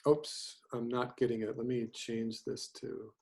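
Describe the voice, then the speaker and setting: A man's voice: mid-range voice, fairly even intonation, vocal fry, darkish tone. A man in his fifties who teaches animation, chatting casually on a video call and rambling with lots of ums and restarts. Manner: rambling, halting, many fillers.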